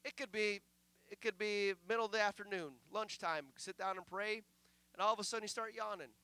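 High bright-voiced male pastor preaching. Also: fairly even intonation, brisk, smooth, no echo. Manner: conversational preaching that swells into loud declaration; acts out mumbled prayers in a quiet aside voice. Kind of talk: sermon.

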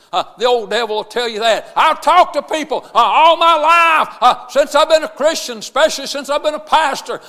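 A man, a pastor, preaching a sermon in a church, shouting his points with many "uh" fillers. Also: very high-pitched, normal speed, hardly any pauses. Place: church sanctuary. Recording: long reverb of a church hall.

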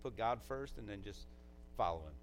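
A man's voice: lowish voice, animated, moderate pace, slight background noise, poor audio. A man, a pastor, delivering a eulogy in a conversational, heartfelt way, often dropping in "man" as a filler.

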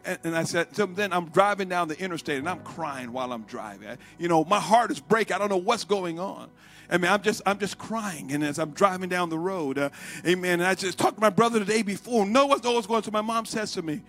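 A man with a high, bright, ringing voice delivers a Pentecostal sermon. He swings between shouted, drawn-out exhortations and quiet, halting storytelling, with soft music playing faintly behind him. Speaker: preacher.

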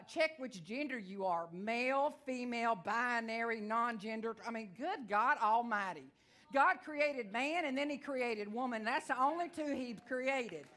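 A woman preaching to a church congregation in a Texan drawl, her voice set a little high. She delivers a fervent, folksy sermon full of stories and calls of amen. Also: a bit bright. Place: church service before a congregation.

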